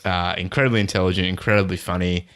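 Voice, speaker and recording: A man co-hosting a podcast in easygoing, enthusiastic chat full of halting restarts, talking over an online call. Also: deep voice, steady tone, a bit bright. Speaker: podcast co-host. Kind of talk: casual chat.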